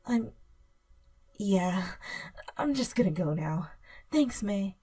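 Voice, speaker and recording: A woman's voice: medium pitch, animated, slow pace, mellow, slightly rough. A woman voicing a heartbroken teenage girl who is tearful, shaky and rambling, in a storybook audio drama.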